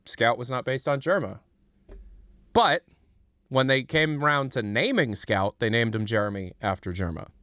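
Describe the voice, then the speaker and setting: A man's voice: medium pitch, normal speed, a bit bright, no echo. A man from the United States chatting casually on a live stream, rambling and joking as he reads chat and donations aloud. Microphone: desk mic.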